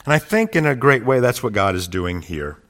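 A man preaching a sermon who swells into loud, rousing passages and then drops to quiet, reflective asides. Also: medium pitch, sing-song, fairly quick. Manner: builds to loud climaxes quoting speeches. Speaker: pastor.

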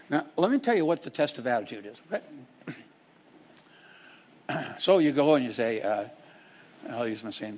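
Animated preacher man with a lively voice. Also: mid-range voice, normal speed, long pauses, breathy edge. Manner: dramatic, acts out quoted people in shifting voices. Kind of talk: sermon.

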